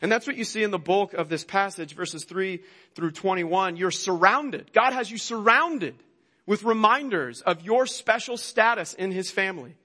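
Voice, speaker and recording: A man's voice: sits high, lively intonation, normal speed, pushed and bright. A man preaching a sermon as pastor, earnest and conversational, often restarting his phrases. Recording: long reverb of a hall.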